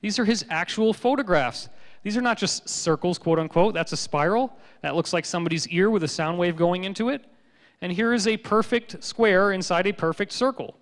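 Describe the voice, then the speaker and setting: Male lecturer, slightly high voice, playful storyteller, long hall reverb. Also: moderate pace. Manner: joking, animated storytelling. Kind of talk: public lecture.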